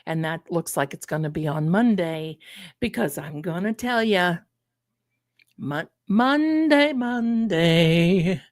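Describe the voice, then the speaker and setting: A woman's voice: sits low, normal speed, dry recording, clean studio sound. A woman hosting a casual live stream, chatting animatedly with her viewers and calling them her loves. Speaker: livestream host.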